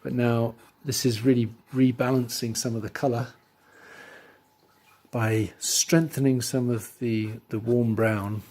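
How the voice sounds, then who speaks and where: A man teaching drawing, talking through his steps as he works and trailing off quietly into asides. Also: mid-range voice, steady tone, a little slow. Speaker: art teacher. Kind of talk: drawing tutorial voice-over.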